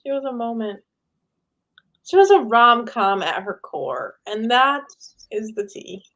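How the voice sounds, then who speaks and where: A young woman co-hosting a book club, talking in a relaxed, agreeable and slangy way. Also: a little high, a little slow. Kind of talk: casual book chat.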